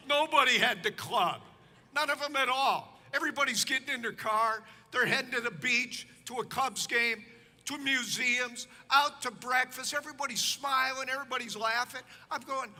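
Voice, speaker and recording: A very high-pitched male pastor from Chicago delivers his sermon as an animated, humorous story. His voice is sharp and bright. It rings out with a long reverb through a large church. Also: normal speed. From Chicago, United States. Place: church sanctuary.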